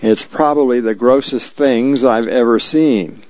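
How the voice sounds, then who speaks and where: Little girl tattling, read flat and slow by a man; muffled radio sound. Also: mid-range voice, dry recording, lightly acted. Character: young girl telling tales on her brother. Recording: dull lo-fi radio recording.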